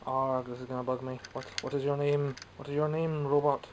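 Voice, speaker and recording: A man's voice: medium pitch, level tone, fairly quick, a little mellow, a little hiss or hum, poor audio. A man with a Scottish accent, chatting casually and self-mockingly while showing off toys he bought. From Scotland. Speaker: toy collector vlogger. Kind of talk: casual show-and-tell vlog.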